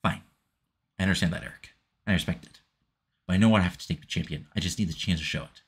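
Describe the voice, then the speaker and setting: A determined young female wrestler pleads earnestly for one more chance, read out plainly by a man. The voice stays low and husky, earnest rather than acted. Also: fast talker.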